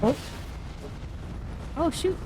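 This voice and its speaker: A woman in her thirties from the United States, streaming a game live, jumping from sudden high squeals of surprise into relaxed chatty talk with her viewers. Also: very slow, background noise. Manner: excitable, squeals and exclaims at game events, then chats casually. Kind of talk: live gameplay commentary.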